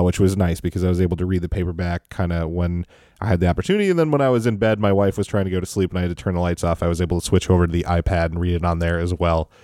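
A man's voice: sits low, mellow, no room sound. A man hosting a podcast in a casual, rambling way, full of fillers and restarts, speaking from a home recording setup. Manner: chatty, rambling with many fillers. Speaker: podcast host.

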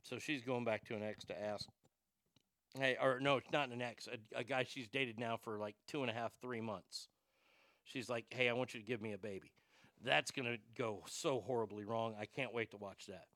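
Male radio host, bright crisp tone, dry studio sound, animated crude rants full of restarts. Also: medium pitch, moderate pace, dry recording. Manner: animated, stammering restarts, crude mocking asides. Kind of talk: ranting talk radio monologue.

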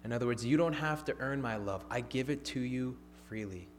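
A man preaching a sermon, swinging from emphatic, raised lines to hushed, near-whispered ones. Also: medium pitch, fairly quick, a little hiss or hum.

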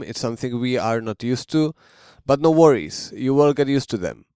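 A man's voice: mid-range voice, a little mellow, smooth, no room sound, studio quality. A man teaching a language lesson, explaining carefully and modeling sounds for the listener to repeat.

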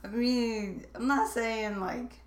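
A woman co-hosting a casual late-night podcast from home, easygoing and quick to laugh. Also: on the high side. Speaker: podcast co-host. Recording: roomy echo.

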